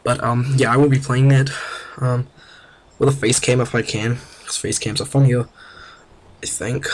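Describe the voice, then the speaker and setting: A man's voice: medium pitch, flat delivery, moderate pace, pauses often, a little hiss or hum. A young man with a New Zealand accent, rambling casually and mocking himself over a strategy game. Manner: rambling, self-mocking, chatty. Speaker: gameplay commentator. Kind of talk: casual gameplay commentary.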